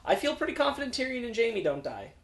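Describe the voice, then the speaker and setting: Halting young man in an echoey room. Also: extremely high pitch, very animated, fairly bright tone. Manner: thoughtful, halting, restarts his sentences. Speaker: podcast co-host. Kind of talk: casual chat.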